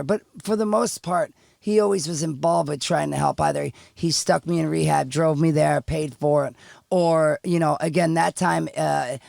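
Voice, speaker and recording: A man's voice: a little high, gravelly, a little mellow, no room sound, studio quality. A middle-aged man talking as a podcast guest, telling a candid story in a rambling way with many restarts. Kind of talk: casual storytelling chat.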